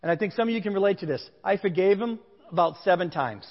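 A male pastor with a high-pitched, animated, quick voice preaches to a congregation in a large room, telling a candid personal story conversationally. The recording sounds dull and carries a long hall reverb.

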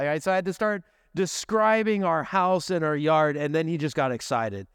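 A man's voice: a little high, lively intonation, brisk, few pauses, clear, resonant tone, no room sound, clean studio sound. A man preaching a sermon at a church service as the pastor, telling stories conversationally with joking asides.

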